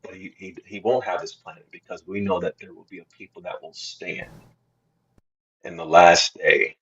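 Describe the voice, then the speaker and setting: Man, lower voice, husky, slow earnest Bible chat, dull lo-fi sound. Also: a bit bright. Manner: slow, earnest preaching tone with many restarts. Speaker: co-host of faith podcast. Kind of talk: casual Bible discussion.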